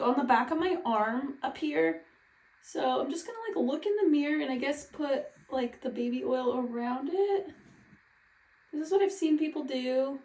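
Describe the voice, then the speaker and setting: A woman vlogging at home in casual chat, nervous and rambling as she talks herself through a task. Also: on the high side. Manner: nervous, rambling, self-talk with nervous laughs. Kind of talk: casual vlog talk. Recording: echoey room, voice from a distance.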